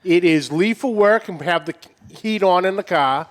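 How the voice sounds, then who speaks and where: A man from New England hosting a barbecue podcast with jokey, energetic banter. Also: sits high, normal speed. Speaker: podcast host.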